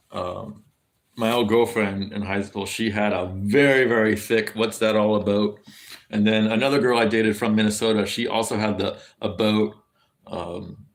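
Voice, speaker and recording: Low-voiced, rambling, profane American man. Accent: General American. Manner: rambling, profane, many restarts. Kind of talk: casual livestream commentary.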